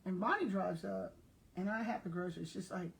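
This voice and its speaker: An older woman's gravelly, fairly low voice moves a little fast as she chats casually, telling her viewers everyday stories. She's a retired school principal from South Texas.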